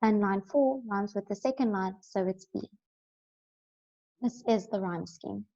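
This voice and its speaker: A woman's voice: mid-range voice, measured pace, dark tone, dull audio. A woman teaching a recorded lesson, explaining step by step and often checking in with "right?".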